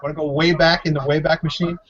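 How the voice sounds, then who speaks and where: A man's voice: a little high, level tone, fast, a bit bright. A man hosting a casual chat show, asking questions in a jokey, easygoing way. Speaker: host. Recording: dull lo-fi recording.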